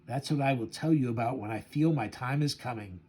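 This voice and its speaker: Sick old comic-book mother, solemn, a man reading, mid pitch. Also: fairly quick, warm tone, husky, close to an everyday voice.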